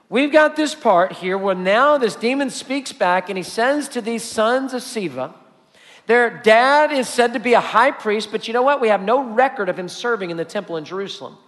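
Pastor guy preaching, high pitched, punchy and repeating himself, big echoey church. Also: fairly bright tone. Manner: emphatic preaching with repetition. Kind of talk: sermon. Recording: long hall reverb.

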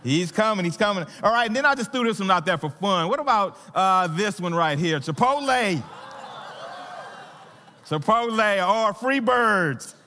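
Southern guy preaching, pretty high voice, chatty w lots of uh's, church echo ringing out. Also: expressive, moderate pace, pushed and bright, slight background noise. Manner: conversational, playful with the crowd, many fillers and restarts. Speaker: pastor. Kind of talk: sermon. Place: church sanctuary.

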